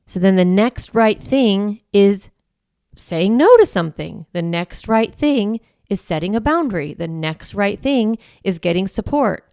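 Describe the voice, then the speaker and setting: Woman, parenting coach on her own podcast. Gravelly, smooth low voice, chatty and encouraging, dry close sound. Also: lively intonation, unhurried, a little mellow, no room sound. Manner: chatty and encouraging, peppered with "like" and "right". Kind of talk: casual podcast monologue.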